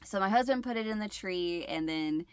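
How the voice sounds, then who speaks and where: A woman hosting her own vlog, telling a story casually and acting out her own shouts and gasps. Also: medium pitch, moderate pace, smooth, dry recording. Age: adult with a husband. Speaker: channel host.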